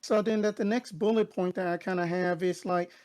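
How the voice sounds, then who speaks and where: Brief: female panelist, lower voice, halting filler-heavy speech, dry mic. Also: steady tone, a little mellow, no echo. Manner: hesitant, lots of "like" fillers and restarts. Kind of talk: casual panel discussion.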